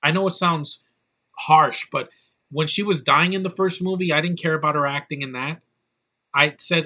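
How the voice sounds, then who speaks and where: A man's voice: a little high, fairly even intonation, normal speed, bright, forceful tone. A man giving an exasperated, profane movie review rant, with heavy emphasis. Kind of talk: ranting movie review vlog.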